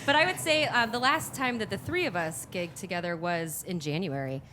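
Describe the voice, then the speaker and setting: A woman's voice: medium pitch, brisk, sharp tone, slight background noise. A woman singer in a vocal trio chatting loosely in a live-stream interview, laughing often and rambling with lots of fillers.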